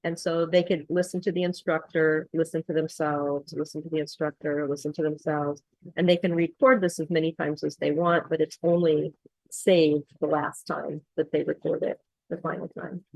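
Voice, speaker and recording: Female accent coach, low-pitched, dry close sound, explanatory screen-share walkthrough. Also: moderate pace, gravelly, no room sound, rough recording. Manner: explanatory, steady, with frequent ums.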